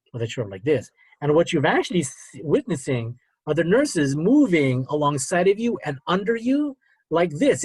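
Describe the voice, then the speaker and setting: A middle-aged man with a husky, somewhat high voice tells his own story in an earnest, halting way, full of "you know" and "okay?". The sound is dry, like a video call. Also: a little mellow, no echo. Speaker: physician speaker. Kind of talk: personal story in a webinar talk.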